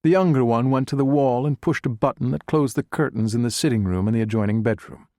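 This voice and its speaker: This is scripted audiobook narration from a man at medium pitch, delivered in a steady, even storytelling manner. The recording is studio grade, with no audible room.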